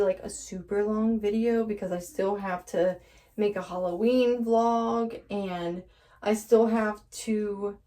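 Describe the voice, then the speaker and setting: A woman's voice: mid-range voice, mellow, recorded from a distance, rough recording. A woman vlogger chatting nervously to the camera while she dyes her hair, laughing often. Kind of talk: casual chat to camera while dyeing hair. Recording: voice a bit off-mic.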